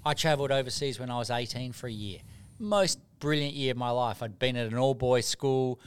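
A man's voice: mid-range voice, fairly quick, smooth. A middle-aged man, a doctor and mentor, telling stories earnestly in a casual interview, often repeating words as he starts.

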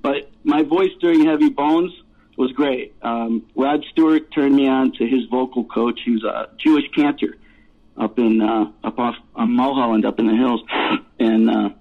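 The line is thin and phone-like as a fifties-aged male musician, appearing as a guest, spins meandering anecdotes with laughs and curses. His voice sits mid-range, with fairly even intonation and a moderate pace, and the interview is a casual storytelling one.

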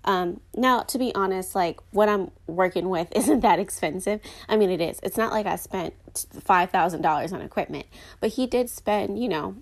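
A woman's voice: mid-range voice, moderate pace. A young woman hosting a podcast alone in rambling, chatty talk full of fillers. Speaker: podcast host. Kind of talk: casual solo podcast chat.

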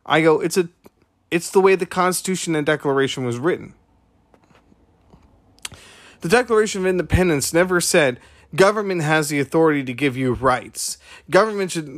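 A man's voice: on the high side, fairly quick, no room sound, studio quality. A man hosting a podcast, retelling a conversation and making his point in an emphatic, preachy way with repeated rhetorical questions. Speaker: podcast host.

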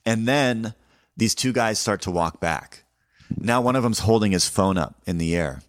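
A male comedian telling a personal story in a deadpan, conversational and self-mocking way. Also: fairly low pitch, moderate pace, dry recording, clean studio sound.

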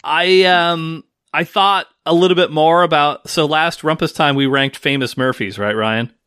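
A man's voice: fairly high pitch, measured pace, fairly bright tone, clean tone, no echo, studio quality. A man hosting a podcast in casual, playful chat, teasing and swearing freely. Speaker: podcast host.

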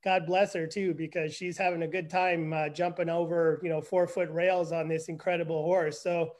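A man in his fifties from Canada tells his life story with self-deprecating humor, his voice pitched high for a man. He talks in a lively, animated way as a guest in a relaxed conversation. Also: moderate pace. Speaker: guest, forensic psychologist. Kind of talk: casual interview conversation.

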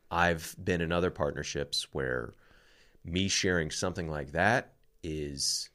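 A man with a deep, low voice co-hosts a relationship podcast. He talks openly and bluntly about personal things, and drops casual swear words. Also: moderate pace, vocal fry, fairly bright tone. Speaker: podcast co-host.

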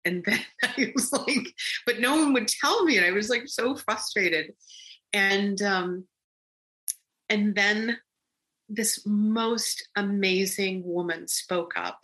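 A woman's voice: mid-range voice, slow, a bit bright. A woman telling a personal story in an earnest, reflective way, rambling with frequent ums and restarts. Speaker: storyteller recounting a personal experience.

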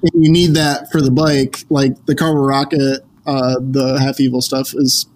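A man's voice: medium pitch, little pitch movement, moderate pace, darkish tone, slight background noise, rough recording. A man chatting casually as a podcast guest, rambling with many restarts. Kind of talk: casual chat.

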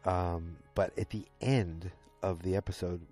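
A man's voice: sits low, fairly even intonation, a little slow, dark tone, faint music behind. A tired man casually recapping a TV episode, rambling and often stopping to correct himself. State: tired and yawning late at night. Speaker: podcast host recapping a TV episode.

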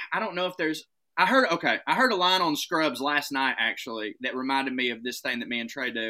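A man telling comic stories in casual podcast talk, animated and profane, often laughing as he goes. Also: medium pitch. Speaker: podcast guest.

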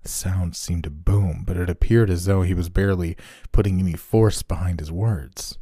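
Deep, mellow-voiced man narrating horror. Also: steady tone, normal speed, slightly rough, no echo, studio quality. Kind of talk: scripted horror story narration.

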